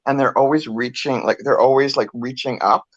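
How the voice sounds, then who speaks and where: A woman's voice: extremely low pitch, brisk, no echo, dull audio. An older woman co-hosting a casual talk show, telling stories and laughing often. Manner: animated storyteller, laughs often. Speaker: co-host. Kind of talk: casual chat.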